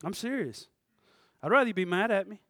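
A man with a notably high voice preaches a fiery church sermon, bursting into shouts and then dropping to quiet, chatty asides with a laugh. The sound is dry and close. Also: lively intonation, fairly quick, no room sound. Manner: passionate preaching, swings from shouting to quiet talk; laughs between points, conversational asides. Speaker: pastor. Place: church service.

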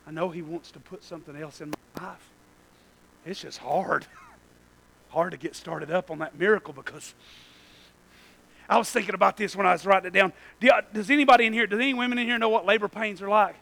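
High, bright pastor preaching. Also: male voice, a little fast, gravelly, rough recording. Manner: storytelling, swings from hushed to shouting. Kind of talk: sermon with personal storytelling. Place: church.

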